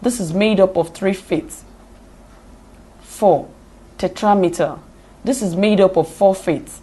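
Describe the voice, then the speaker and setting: A woman reading a poetry lesson aloud from notes in a deliberate, measured way, spelling out her examples. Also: mid-range voice, mellow, slightly rough. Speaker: lecturer. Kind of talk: slow read-aloud lecture on poetry.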